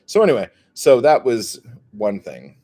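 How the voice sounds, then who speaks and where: A man's voice: medium pitch, sing-song, a little slow, mellow. A man ranting casually to his live chat as a YouTuber, rambling, with lots of "like" fillers and some swearing. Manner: rambling, heavy on "like" fillers, profane.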